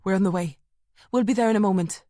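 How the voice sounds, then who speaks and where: A woman narrator voicing a calm male first aider, asking quick, steady, matter-of-fact questions. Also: medium pitch, no room sound, clean studio sound, close to an everyday voice. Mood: brisk.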